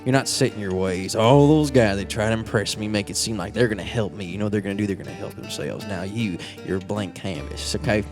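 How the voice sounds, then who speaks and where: A man voicing a smug, shady male business boss in his fifties, who talks in a quiet, menacing hush during an improvised podcast sketch. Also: lowish voice, over music, natural voice. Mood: hushed menace. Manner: hushed, slow, menacing delivery.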